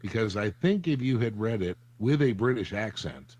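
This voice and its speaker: A man's voice: fairly low pitch, expressive, moderate pace, darkish tone. A man on a book podcast chatting casually with dry, wry humor. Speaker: podcast co-host. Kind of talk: casual chat.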